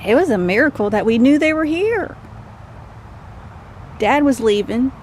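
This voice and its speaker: A woman's voice: sits high, lively intonation, a little slow, a little mellow, a little hiss or hum. A Texan woman vlogging outdoors, coaxing stray dogs in a soothing way and chatting to the camera. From Texas. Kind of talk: casual vlog narration. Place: outdoors in heat on rural property.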